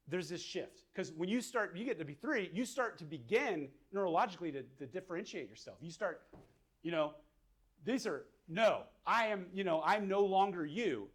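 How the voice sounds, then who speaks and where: A man, a mental health counselor, giving a casual whiteboard lecture and thinking aloud as he draws. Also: fairly high pitch.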